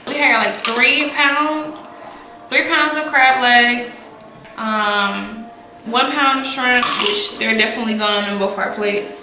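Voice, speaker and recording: A woman's voice: on the high side, fairly even intonation, slow. A woman guest chatting in a bubbly, giggly way over food, with features, picked up by a distant camera mic. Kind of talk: casual mukbang chat. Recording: echoey room, far camera mic, noisy.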